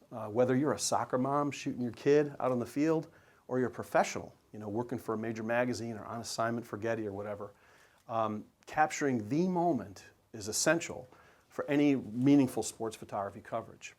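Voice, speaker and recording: A man's voice: medium pitch, darkish tone. Enthusiastic man presenting photos. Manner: enthusiastic, conversational, many fillers. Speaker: sports photographer presenting at a press event. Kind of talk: presentation to an audience.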